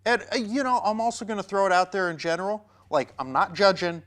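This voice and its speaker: Man, podcast co-host, casual comedic banter, rambling, somewhat high pitch. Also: expressive, quick pace, a bit bright. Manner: joking, rambling, slips into mock quotes.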